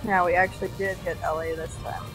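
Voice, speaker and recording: A woman's voice: on the low side, flat delivery, fast, fairly bright tone, soft background music, poor audio. A woman in a gaming voice chat, focused and calling out targets to her squad. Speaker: squad member.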